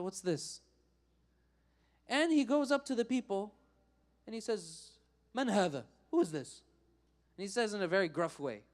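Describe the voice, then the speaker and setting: A man giving a Friday sermon, telling a story in an animated way and acting out the characters. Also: high voice.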